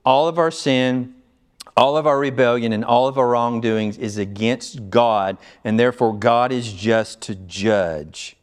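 A male pastor teaches a small group through a Bible passage. His voice is smooth and resonant at an average pitch. He talks earnestly and with emphasis, stopping often to ask the group whether they follow. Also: measured pace.

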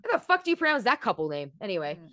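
A woman's voice: mid-range voice, rapid-fire, no echo, studio quality. A woman in her thirties chatting casually with a friend, swearing freely and acting out the lines of the people she talks about. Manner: profane, animated, acts out quotes. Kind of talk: casual chat recapping a film.

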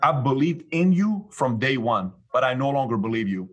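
Husky man telling animated stories. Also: mid-range voice, normal speed. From Iran. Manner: animated, acts out both sides of conversations. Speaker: guest, business leader. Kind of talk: storytelling in an interview.

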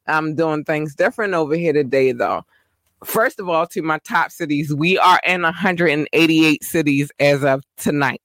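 A host, doing casual shout-outs and speaking affectionately to the listeners. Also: medium pitch, normal speed, no echo. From Baltimore, Maryland. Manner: affectionate, repeats thanks to listeners.

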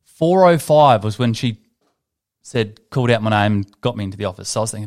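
A man's voice: fairly low pitch, expressive, brisk, a little mellow. A man, a podcast host telling a long rambling story in casual chat, swearing freely.

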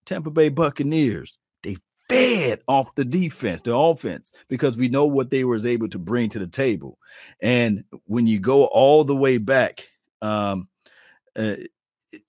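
A man hosting a casual sports talk stream, animated and preachy, calling out to viewers as he riffs. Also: mid-range voice, dry recording, studio quality. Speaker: podcast host.

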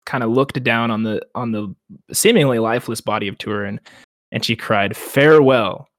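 Young male podcast co-host, casual, animated storyteller, dry mic. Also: on the low side, moderate pace, no echo. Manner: animated retelling, acts out quotes, laughs often. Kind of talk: casual book discussion.

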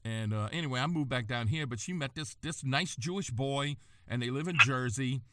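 A man's voice: medium pitch, moderate pace, heavy background noise. A man hosting a podcast, telling folksy stories in a drawling way. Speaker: podcast host. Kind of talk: casual podcast chat.

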